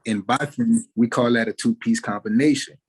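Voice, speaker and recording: A man, a musician giving an interview, talking in a relaxed way with many fillers like "like" and "you know". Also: medium pitch, moderate pace, breathy edge, poor audio. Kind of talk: casual interview talk.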